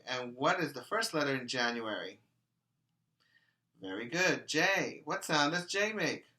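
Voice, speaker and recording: Slow, bright-voiced male preschool teacher. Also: medium pitch. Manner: slow, sing-song, coaxing call-and-response. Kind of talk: virtual preschool lesson.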